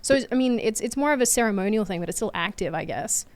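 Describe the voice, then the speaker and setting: A young woman from Australia with an accent that mixes Australian and American, chatting casually as a panel guest, self-deprecating and quick to laugh. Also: medium pitch, expressive, no room sound. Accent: mixed Australian and American. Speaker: guest commentator.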